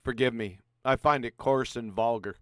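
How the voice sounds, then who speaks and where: A man hosting a casual online panel chat, easygoing and quick to laugh. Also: mid-range voice, smooth, dry recording, clean studio sound. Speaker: host of a live online panel.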